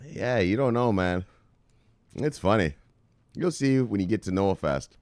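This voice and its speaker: A man's voice: lowish voice, lively intonation, a little slow, a little mellow, no room sound, studio quality. A man hosting a crypto news channel, talking in a playful, hyped, casual way with lots of laughter. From Miami Beach, Florida. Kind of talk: casual video commentary.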